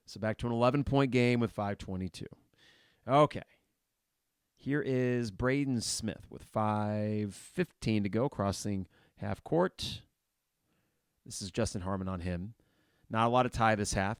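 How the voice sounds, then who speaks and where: A man's voice: on the low side, a little slow, long pauses, clear, resonant tone, dry recording, clean studio sound. Frustrated man calling a game live. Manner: blunt and frustrated, shouts at players; swears casually. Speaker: podcast host reacting live to a basketball game. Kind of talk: live play-by-play reaction.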